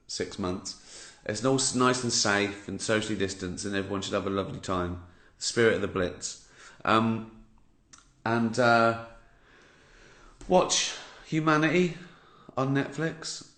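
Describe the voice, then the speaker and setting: A man in his fifties with an English accent, his voice fairly low, steady, a little slow and a bit bright, tells a sardonic story and swears freely. He's a comedian hosting a casual livestream from home, picked up by a phone or laptop mic in a roomy space.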